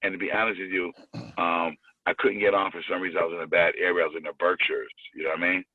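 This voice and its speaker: A man's voice: low voice, level tone, fast talker, no room sound. A man calling in as a guest comedian, chatting casually in a slangy, rambling way and repeating himself. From Springfield, Massachusetts. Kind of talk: casual chat. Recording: tinny dry phone line.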